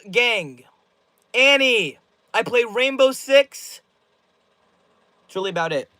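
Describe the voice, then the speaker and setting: High-voiced young man reading stream chat. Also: a bit bright, no room sound, low-quality recording. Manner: reads viewer comments aloud and answers them loosely; slangy, rambling musings. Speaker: livestream host. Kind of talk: casual livestream chat reading.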